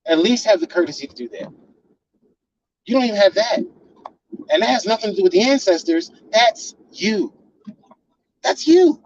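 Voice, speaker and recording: Host delivering a heated, profane lecture at a partner; mid pitch, slightly dull lo-fi sound. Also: animated, a little fast, long pauses, darkish tone, a little hiss or hum. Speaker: channel host.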